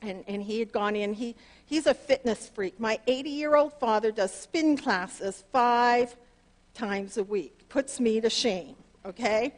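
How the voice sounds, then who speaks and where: A woman pastor, preaching earnestly through a personal story, her voice leaping up on key words. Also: measured pace. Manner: earnest and animated, pitch leaps up on emphasis. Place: church sanctuary.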